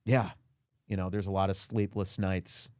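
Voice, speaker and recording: A man as a podcast guest in a comedic rant, indignant and self-pitying, his voice climbing high as he complains. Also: little pitch movement, moderate pace, a little mellow, clean tone, no room sound, studio quality. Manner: indignant, whiny self-pity, voice climbs high when ranting. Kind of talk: comedic mock interview rant.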